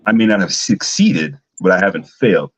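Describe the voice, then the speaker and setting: A man on a podcast panel, making his argument in a measured way. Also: deep voice, lively intonation, slightly rough, rough recording. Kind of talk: casual panel talk.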